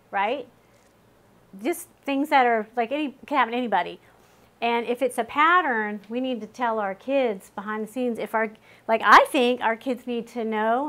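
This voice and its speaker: A woman leading a parenting group, talking casually, asking questions and laughing often. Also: mid-range voice. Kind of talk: casual teaching talk to a small group.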